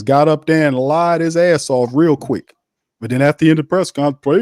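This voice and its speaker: A man's voice: fairly high pitch, brisk, a little mellow, no echo, studio quality. A man hosting a live sports watch party, ranting bluntly and heatedly with slang and cursing. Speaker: host.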